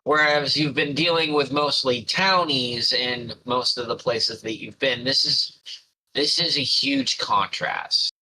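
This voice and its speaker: A man leads a tabletop session as game master. He describes the world at a leisurely pace, pausing often with fillers, and his voice has a bright, forward edge. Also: mid-range voice, slight background noise, low-quality recording. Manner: unhurried, musing, with frequent fillers.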